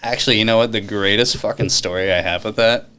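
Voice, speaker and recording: A man chatting as a podcast guest, telling stories in an animated, profane way and laughing often. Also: lowish voice, fast talker, a little hiss or hum. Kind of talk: casual storytelling chat.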